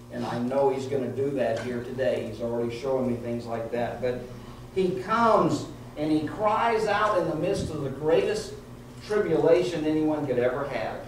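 A male pastor preaching an earnest, emotional sermon full of repeated phrases. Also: medium pitch. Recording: echoey room heard from a distance with faint noise.

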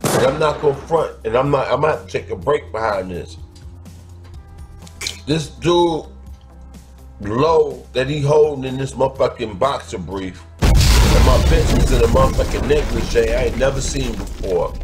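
A man's voice: mid-range voice, normal speed, music in the background. A man telling a crude personal story, blunt and profane, stretching out words for emphasis.

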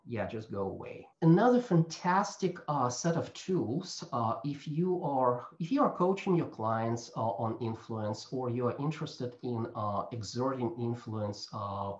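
A man teaching coaching skills in a webinar lecture, explaining points and tagging them with "right?". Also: medium pitch. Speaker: coaching instructor. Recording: roomy, dull lo-fi sound.

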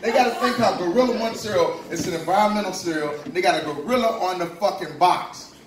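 Kentucky guy doing stand-up, a bit high voice, loud noisy club, kinda distant. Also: quick pace. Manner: loose, profane storytelling with punchlines. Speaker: stand-up comedian. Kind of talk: stand-up comedy set. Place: comedy club. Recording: very echoey club from far off, noisy. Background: club crowd laughing.

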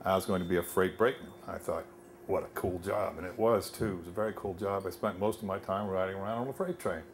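A man's voice: deep voice, quick pace, slight background noise. Older man telling a wry story on stage. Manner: wry, conversational, many fillers. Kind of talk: live storytelling.

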